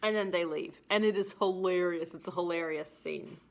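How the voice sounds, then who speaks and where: A woman teacher giving a casual lesson, chatty and animated as she paraphrases the scenes in everyday language. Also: lowish voice, moderate pace, creaky, noisy background.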